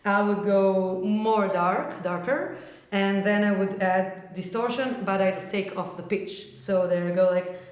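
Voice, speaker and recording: A woman vocal coach explains technique in a casual, lively way and slips into quick sound demonstrations. Her voice sits at a middle pitch. The recording has a roomy echo. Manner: casual and animated, breaks into short vocal demonstrations. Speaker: vocal teacher. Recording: echoey room.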